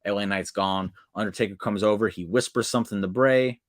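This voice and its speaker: A man hosting a casual wrestling recap, talking excitedly in slang and acting out quotes with sudden jumps in pitch. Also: fairly quick, no echo, studio quality.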